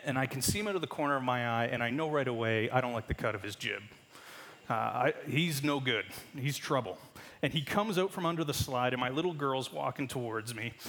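A man in his thirties, a pastor giving a sermon, telling a lively story from his family life and often laughing at his own jokes before leading a prayer. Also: mid-range voice. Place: church sanctuary. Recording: long reverb of a church hall.

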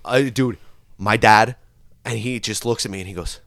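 A man's voice: on the low side, normal speed, dry recording. A man co-hosting a podcast, telling a wild story in casual chat, swearing freely and acting out screams. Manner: animated storyteller, swears a lot, shouts out quoted screams. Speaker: podcast co-host.

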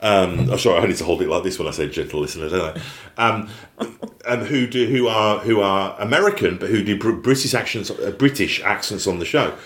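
Guy with a lowish voice rambling thru a tv rewatch podcast, lots of ums. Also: brisk, fairly bright tone. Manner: rambling, lots of ums and restarts, laughs often. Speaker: podcast co-host. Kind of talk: casual chat about a TV episode.

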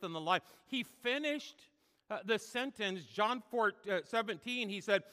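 A man's voice: sits high, pushed and bright, in a large hall. A male pastor preaching a sermon in church, emphatic and full of "uh" fillers. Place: church sanctuary.

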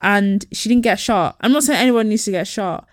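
A woman's voice: medium pitch, brisk, no room sound, studio quality. A woman co-hosting a casual chat podcast, telling stories animatedly and acting out the people she quotes. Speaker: podcast co-host.

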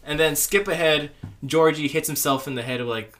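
A young man co-hosting a casual podcast, telling animated stories full of fillers and mimicking people. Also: fairly quick. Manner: animated, mimics people in shrill high voices; lots of fillers like "like" and "freaking". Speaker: podcast co-host. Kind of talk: casual chat, storytelling.

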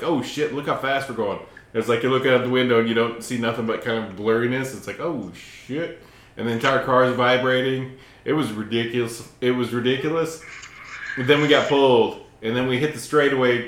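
Brief: man in his forties, co-host, cussing storyteller, mid-pitched, echoey room. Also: steady tone, fast talker, a bit bright, slight background noise. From Appalachia, western North Carolina. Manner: profane, repeats himself. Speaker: podcast co-host. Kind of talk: casual storytelling chat.

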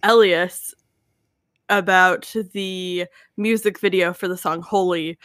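A woman's voice: on the low side, fairly even intonation, takes it slowly, fairly bright tone, no room sound, studio quality. A woman co-hosting a casual podcast, rambling and hesitant with lots of fillers. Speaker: podcast co-host.

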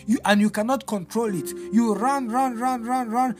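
A man's voice: extremely high pitch, steady tone, normal speed, faint music behind. A male pastor delivering a fervent deliverance sermon, repeating phrases in a sing-song preaching cadence.

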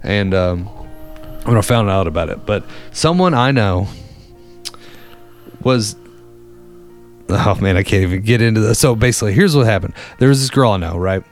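A man's voice: fairly low pitch, expressive, moderate pace, long pauses, soft background music. A man telling a rambling story in a casual, profane, laid-back way as a podcast host.

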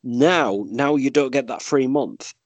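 Speaking slowly at medium pitch with no echo, this man from Yorkshire, England is a podcast guest and movie podcast host. In casual podcast chat he tells rambling stories, laughing and swearing freely along the way.

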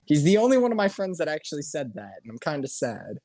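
A male podcast co-host with a gravelly voice that swings widely in pitch. He talks in laid-back, casual banter, recorded dry and close. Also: wildly swooping pitch, quick pace, warm tone, no echo.

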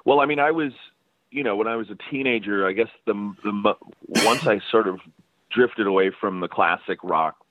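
A man's voice: fairly low pitch, normal speed. A man telling stories as a guest musician in a casual interview, rambling and laughing with many restarts. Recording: dry phone-line sound.

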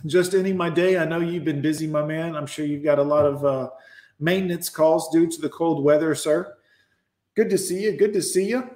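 A crude, mocking man riffs at his viewers in a casual, animated monologue. His voice sits high for a man. The sound rings in an echoey room. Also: normal speed.

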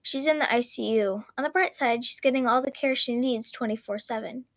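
A woman voicing a calm hospital doctor who gives bad news in a measured, sighing, hesitant way, read from a storybook. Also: on the high side, no echo, lightly acted. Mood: grave.

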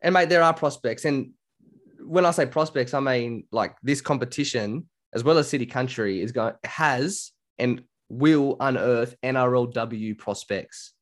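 An Australian man co-hosts a podcast in a relaxed, chatty way. He tells stories with animation and acts out what other people said. His voice sits in a middle pitch. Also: unhurried. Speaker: podcast co-host. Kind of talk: casual chat.

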